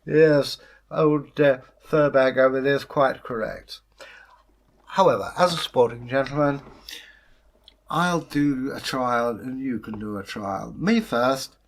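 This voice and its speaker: A man voicing a pompous male devil who calls himself a sporting gentleman, in a told folktale. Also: mid-range voice, slow.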